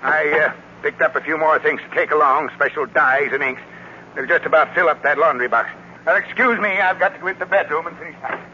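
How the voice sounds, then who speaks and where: A man playing a gruff, suspicious older man in a 1940s radio drama, with a curt and blunt way of talking. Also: on the high side, fast talker, bright, forceful tone, slight background noise. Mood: grumpy. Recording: dull lo-fi old radio recording.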